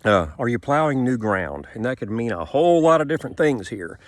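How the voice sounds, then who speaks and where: A man's voice: medium pitch, very animated, fairly quick, no echo. Folksy sniffling man outdoors. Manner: folksy, rambling, repeats himself. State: stuffy nose, sniffling. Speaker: homesteading vlogger. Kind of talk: casual outdoor vlog. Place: outdoors in a sunny yard by a garden.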